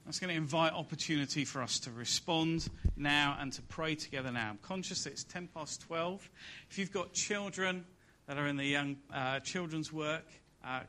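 Bright-voiced male preacher, rising and falling. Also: a little hiss or hum. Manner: swells to loud emphatic peaks, then drops soft and low. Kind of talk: sermon. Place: church service.

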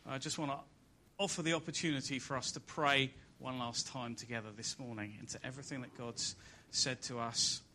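Bright-voiced male preacher, rising and falling. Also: fairly even intonation, brisk, hardly any pauses, a little hiss or hum. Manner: swells to loud emphatic peaks, then drops soft and low. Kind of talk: sermon. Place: church service.

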